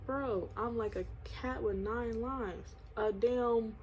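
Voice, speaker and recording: A woman from New York tells a personal story in a casual storytime vlog. She speaks slowly and candidly in slang, swears freely, and laughs between lines. A faint hiss of noise sits under her voice. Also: a little high, fairly even intonation. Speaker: vlogger.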